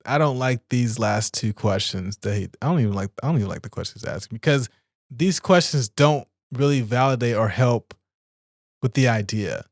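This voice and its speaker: A man's voice: normal speed, no room sound, clean studio sound. A man hosting a solo podcast, reading out points and ranting about them in a casual, swearing way. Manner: casual, ranty, swears, bursts of high-pitched exasperation; reads aloud and comments with asides. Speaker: podcast host.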